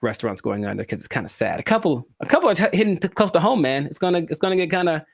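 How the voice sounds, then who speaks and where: A man's voice: fairly high pitch, sing-song, racing, creaky, husky, no room sound. Jokey young male podcast co-host. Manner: jokey, mock-dramatic asides. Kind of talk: casual chat.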